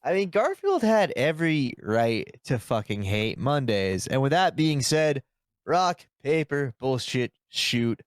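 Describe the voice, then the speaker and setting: A man's voice: medium pitch, big pitch swings, unhurried, dry recording. A man hosting a casual podcast, full of crude jokes and banter. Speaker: podcast host.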